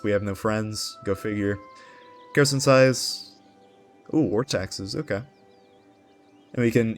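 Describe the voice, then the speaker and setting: A man hosting a let's play, giving casual strategy game commentary with rambling asides. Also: medium pitch.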